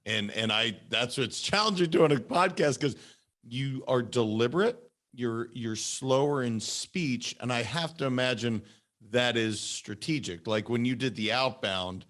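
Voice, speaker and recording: A man's voice: mid-range voice, unhurried, fairly bright tone. A man hosting a podcast, talking casually with his guest and calling him brother. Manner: informal, calls guest "brother". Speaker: podcast host. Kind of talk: casual interview chat.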